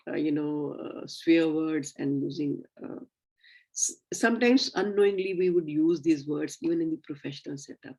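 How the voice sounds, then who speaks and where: A middle-aged woman teaches a class of medical students in a recorded lecture. She sounds earnest and instructive and often pauses on small fillers. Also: fairly low pitch, a little mellow, low-quality recording.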